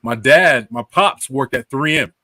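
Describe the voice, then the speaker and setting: A man's voice: medium pitch, a little slow, bright, forceful tone, no room sound. Man, slangy, rambling, dry recording. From Philadelphia. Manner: slangy, rambling, laughs while talking. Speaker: podcast co-host. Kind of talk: casual fan chat.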